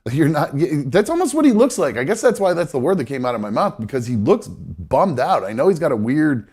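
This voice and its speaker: A man's voice: fairly high pitch, big pitch swings, a little fast, a little mellow, husky. A man hosting a live show, chatting casually about baseball with lots of fillers and restarts, his nose stuffed up. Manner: rambling, many fillers and self-corrections. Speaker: host.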